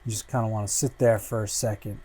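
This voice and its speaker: A man hosting a casual livestream, flipping through a comic book and muttering relaxed asides, swearing freely as he goes. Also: lowish voice, fast, slightly rough.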